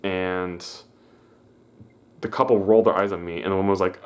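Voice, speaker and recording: A man's voice: deep voice, fairly even intonation, normal speed, long pauses. A young man telling a story in a casual vlog, rambling with many restarts and stammers, and acting out the people he quotes in a raised voice. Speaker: vlogger.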